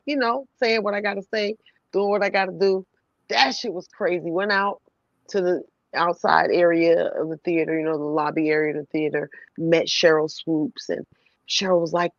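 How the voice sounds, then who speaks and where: An animated woman tells a story in loose, casual chat, laughing often and cursing freely. Her voice sits in a middle range. The sound is a little dull and very dry. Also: mid-range voice, moderate pace, dry recording. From New York City. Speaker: voice actress telling a story.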